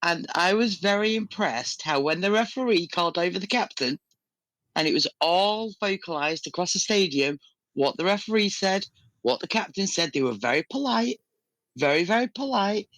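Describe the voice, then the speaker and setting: A woman's voice: on the low side, expressive, normal speed, a bit bright, no room sound. A woman on a podcast panel, chatting casually, playful and hesitant as she thinks aloud.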